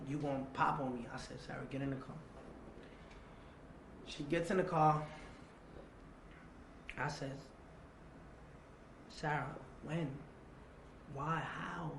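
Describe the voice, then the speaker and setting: A man with a slightly raised pitch tells his story in a loose, casual way. He repeats himself and acts out both sides of remembered conversations, sometimes sinking almost to a murmur. The sound is roomy, with faint background hiss. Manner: drops to a low, quiet voice for the tense parts. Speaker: interview guest. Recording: roomy echo.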